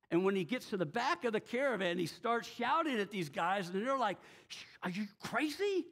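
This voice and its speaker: A man preaching a sermon as pastor of a church, telling the story in a lively way with rhetorical questions and frequent chuckles. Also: sits high.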